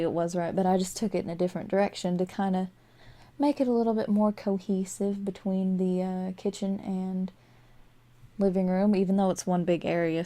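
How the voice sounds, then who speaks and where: Young woman, mellow warm voice, rambling chatty game commentary, sleepy. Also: medium pitch. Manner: rambling, chatty, with frequent fillers and little laughs. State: sleepy, yawning. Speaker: game building vlogger. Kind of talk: casual voice-over commentary while building. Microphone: desk microphone.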